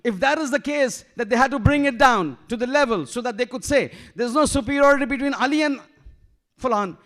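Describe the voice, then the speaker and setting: A man's voice: extremely high pitch, brisk, fairly bright tone. A man giving an emphatic sermon as a shaykh in a mosque, asking rhetorical questions and weaving in Arabic terms and verses. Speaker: shaykh giving a majlis lecture.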